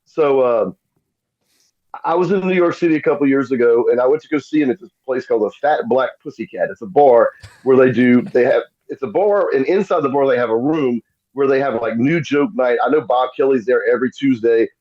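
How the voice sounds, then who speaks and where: A man's voice: medium pitch, brisk. Guy, middle-aged, spinning a yarn on a podcast, slightly dull sound. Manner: animated, acts out quoted voices. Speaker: podcast guest. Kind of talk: casual storytelling.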